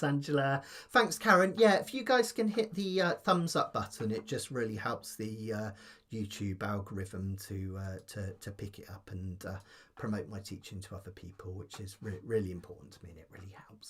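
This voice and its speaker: A man's voice: lowish voice, moderate pace, a bit bright, breathy edge. A man teaching ukulele on a live stream, chatting casually, thanking viewers and reading out their comments with lots of ums and uhs. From United Kingdom. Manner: chatty, reads viewer comments, many fillers. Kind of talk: live-streamed lesson chat.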